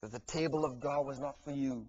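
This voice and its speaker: A man preaching a sermon earnestly, building to fervent peaks and dropping to soft, quiet lines. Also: mid-range voice, brisk, muffled recording.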